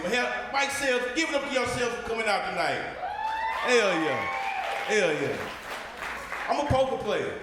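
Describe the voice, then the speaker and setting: A man's voice: high-pitched, sing-song, normal speed, heavy background noise. A male comedian doing a stand-up set with brash, boastful punchlines. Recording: echoey club mic with crowd.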